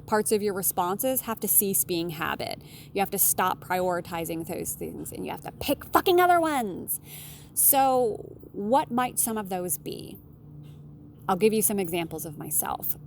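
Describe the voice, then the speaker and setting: A woman relationship consultant speaks alone in a frank, unfiltered advice monologue and swears freely. Her voice sits at an ordinary middle pitch, and she jumps up sharply when she stresses a point. A faint hiss of background noise sits under the recording. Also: unhurried, vocal fry. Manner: blunt, candid, swears casually; animated, with sudden emphatic jumps in pitch.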